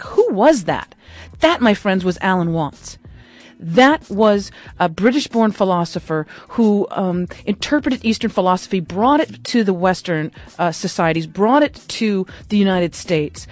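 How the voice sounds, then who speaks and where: A woman hosting a live radio fund drive, making an enthusiastic, chatty pledge pitch on a studio microphone. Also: darkish tone, no echo. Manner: enthusiastic, chatty, laughs often.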